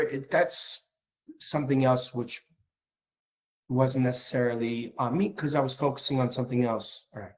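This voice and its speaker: A man speaks about his own life in a candid, unpolished way, often breaking off and starting his sentences again. His voice sits at an ordinary middle pitch. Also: low-quality recording. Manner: candid, halting, with frequent restarts. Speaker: speaker on marriage. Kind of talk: personal talk.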